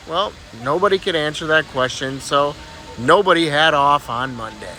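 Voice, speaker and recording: Animated man telling jokes, lively pitch. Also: moderate pace, a little hiss or hum. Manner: animated storyteller, laughs at own jokes. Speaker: joke teller. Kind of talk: casual joke telling.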